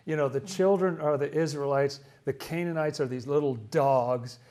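A man's voice: a little high, moderate pace, a little mellow. A man leading a casual Bible study, explaining passages with enthusiasm and asking questions as he goes.

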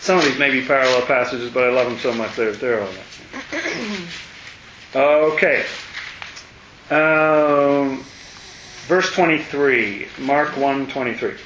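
A man leading a casual Bible study, animated and exclamatory, his voice jumping up when excited. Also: mid-range voice, takes it slowly, pauses often. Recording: dull, roomy, faint hiss.

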